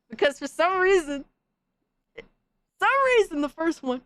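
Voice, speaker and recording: A woman hosting a stream, chatting casually and reacting with excitable, profane trash talk. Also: high-pitched, unhurried, no room sound. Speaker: streamer host.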